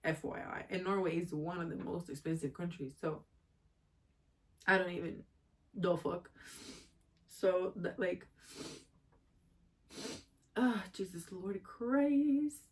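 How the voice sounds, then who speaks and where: A woman's voice: lowish voice, steady tone, measured pace, pauses often. A woman from Jamaica vlogging candidly about a personal matter, emotional and rambling as she talks. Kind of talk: personal confessional vlog.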